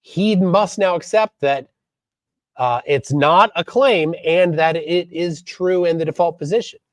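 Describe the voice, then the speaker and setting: A man from Minnesota hosting a live stream, reading chat aloud and commenting in a halting way with many fillers. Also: fairly high pitch, no echo. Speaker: livestream host.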